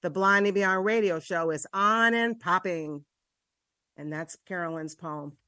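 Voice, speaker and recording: A woman's voice: on the low side, unhurried, pushed and bright, no echo, studio quality. A woman with a New York accent, a radio co-host reading a listener's poem in an upbeat, rhythmic way.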